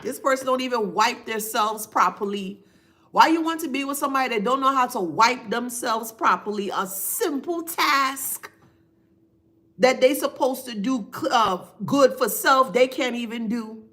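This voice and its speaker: A woman talks slowly to her live-stream viewers. Her voice sits high, and she repeats phrases for emphasis. She breaks off to thank viewers by name. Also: expressive, sharp tone. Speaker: spiritual reader on a live stream. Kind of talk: casual live-stream reading.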